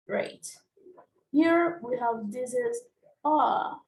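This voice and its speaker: A woman's voice: high-pitched, very animated, extremely slow, vocal fry, pauses often. A woman teaching English vowel sounds, naming each symbol and repeating every example word. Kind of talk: slow, deliberate pronunciation lesson. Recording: echoey room, voice off-mic.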